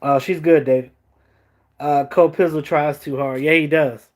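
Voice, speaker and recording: A man hosting a casual sports talk stream, animated, joking and swearing as he reacts to chat. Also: on the high side, normal speed. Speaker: host.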